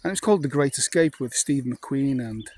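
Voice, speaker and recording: A man's voice: mid-range voice, expressive, moderate pace, a little mellow, a little hiss or hum. Rambling Welsh man in his fifties. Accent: North Welsh. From North Wales. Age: 50s. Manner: rambling, chatty, full of fillers. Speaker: vlogger. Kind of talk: casual anecdotal monologue.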